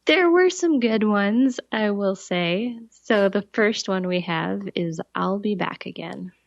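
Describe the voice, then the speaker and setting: Slow-talking woman cohost, gravelly lowish voice, dull lo-fi sound. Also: no echo. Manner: slow, agreeable, laughs easily. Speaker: podcast co-host. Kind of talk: casual chat.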